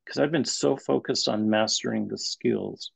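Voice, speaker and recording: A middle-aged man, a guest therapist, tells a story from his training in an interview, animated and halting with restarts, over a video call. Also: on the low side, vocal fry, husky, no echo, rough recording.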